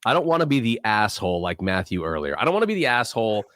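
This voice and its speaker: A man's voice: on the low side, big pitch swings, fast talker, fairly bright tone, no echo. A middle-aged man co-hosting a podcast, ranting sarcastically in profane casual chat. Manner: ranting, sarcastic, swears a lot. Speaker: podcast co-host.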